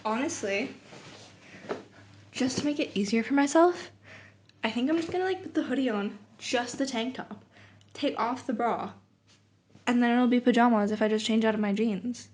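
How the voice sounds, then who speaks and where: Young woman, vlogger, casual rambling chat, soft and half-whispered, slightly high voice. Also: moderate pace, long pauses, a little hiss or hum. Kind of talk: casual late-night vlog chat.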